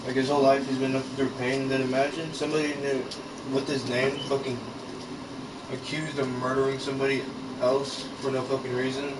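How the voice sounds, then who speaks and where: This gaming vlogger's voice is medium in pitch with little movement, and he talks fairly fast. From his bedroom he delivers a casual, frustrated rant to camera, swearing constantly, captured far from the mic in a roomy space with a noisy background.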